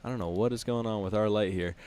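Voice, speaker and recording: A young man co-hosts a casual dog-training podcast in an easygoing manner. His voice sits fairly low, and he talks plainly as he chats along and closes the show. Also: fast talker, darkish tone, clear, resonant tone, dry recording.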